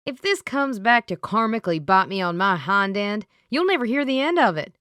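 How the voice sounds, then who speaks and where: A woman's voice: mid-range voice, very animated, moderate pace, no echo, clean studio sound. A woman voicing a grumpy older man with a Southern accent, a psychic on the phone in an audiobook. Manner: gruff, then softening.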